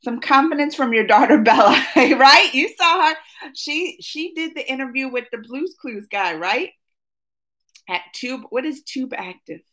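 A high-pitched woman chatting live with her viewers from home. She talks in an excitable, rambling way, laughing often and answering her chat. Her voice bounces up and down a lot. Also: measured pace. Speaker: livestream host. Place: at home, just woken up.

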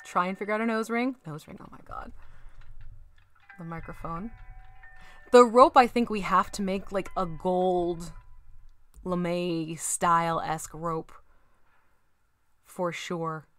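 A woman's voice: lowish voice, fairly even intonation, slow pace, pauses often. A woman with a Southern American accent chatting casually with her live-stream viewers while painting a miniature, giggly and playful. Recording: faint background music.

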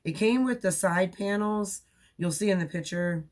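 A woman's voice: medium pitch, normal speed, a little mellow. A woman in her forties talking casually to her viewers. She rambles, laughs often and fills her sentences with ums and likes. She sounds tired from being up all night. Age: 40s. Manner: rambling, chatty, laughs often, many fillers. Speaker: crochet vlogger. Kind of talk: casual chat.

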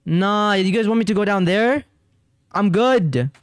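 A young gamer talks loosely to his chat as he plays, rambling and easily startled into repeating himself. His smooth voice sits high and keeps a measured pace. There's no echo on the dry close mic, only faint game music underneath.

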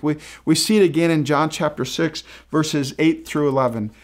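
A man's voice: on the high side, steady tone, normal speed, few pauses. Man preaching a story-filled sermon. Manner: storytelling with frequent repeated words and restarts; acts out quoted dialogue in a shifting voice. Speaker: pastor.

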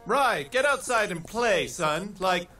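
A nervous, protective cartoon father, speaking in a soothing, careful way. His voice is high and lively. Loud game music runs beneath him. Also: takes it slowly, heavily acted. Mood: coaxing. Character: anxious protective adult father. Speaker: game character.

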